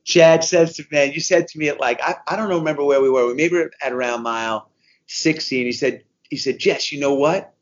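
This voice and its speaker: A man of fifty-one, a guest telling a race story in casual conversation, animated and repeating himself as he goes. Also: a little high, fairly quick, muffled recording. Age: 50s. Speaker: guest, endurance racer.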